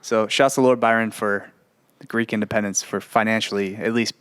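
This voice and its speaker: A man's voice: lowish voice, fairly even intonation, brisk, fairly bright tone, clean tone. A man on a comedy podcast, recounting history in a laid-back, casual way with fillers. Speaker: podcast host presenting the history. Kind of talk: casual storytelling chat.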